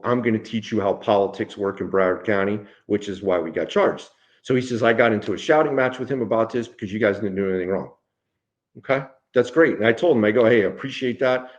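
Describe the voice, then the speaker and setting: Blunt, profane middle-aged male storyteller. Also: on the low side. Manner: blunt and profane, acts out quoted dialogue. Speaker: guest, former police sergeant. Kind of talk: candid storytelling interview.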